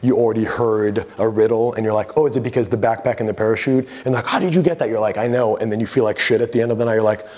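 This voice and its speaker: A man giving a casual artist talk as a photographer, telling a story with lively quoted voices and frank swearing. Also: on the low side, fast talker, few pauses.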